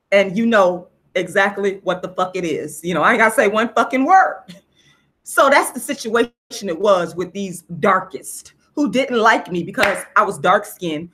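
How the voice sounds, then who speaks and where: A woman's voice: mid-range voice, fairly bright tone. A woman, ranting on a casual livestream vlog, blunt and profane as she tells a story. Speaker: vlogger.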